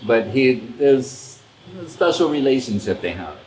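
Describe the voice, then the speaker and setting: A man's voice: medium pitch, measured pace. Roomy-sounding male storyteller. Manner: animated storyteller, acts out quoted dialogue, chuckles. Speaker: spiritual teacher. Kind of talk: casual storytelling discourse. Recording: roomy echo with faint ambience.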